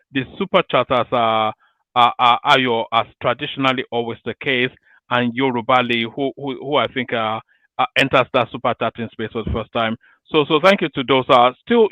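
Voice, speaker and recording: Man, live stream host, halting and stammering, dull lo-fi call audio, dry sound. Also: medium pitch, no echo.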